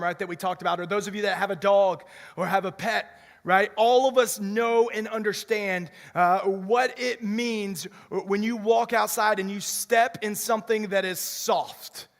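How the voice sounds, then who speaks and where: A young man preaching a lively sermon as pastor, often repeating words as he restarts a sentence. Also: high voice, normal speed, vocal fry, hardly any pauses. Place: church sanctuary. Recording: long reverb of a church hall.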